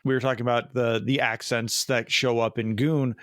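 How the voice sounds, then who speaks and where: Man, from the Midwest, podcast co-host, sardonic rambling chat, mid-pitched voice, dry close sound. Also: flat delivery, moderate pace, dry recording. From American Midwest. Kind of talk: casual chat. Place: home basement.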